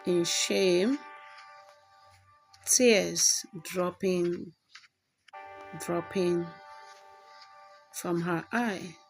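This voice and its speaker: Here the tutorial host speaks with a fairly low pitch, drawing out her words with vocal fry and leaving long pauses, while soft music plays underneath. She guides viewers through a screen recording step by step, often pausing to say "okay."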